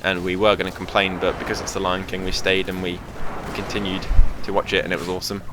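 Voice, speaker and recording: A young gaming channel host chats over gameplay in a loose, filler-packed ramble. His voice sits low, flat and quick, against a noisy background.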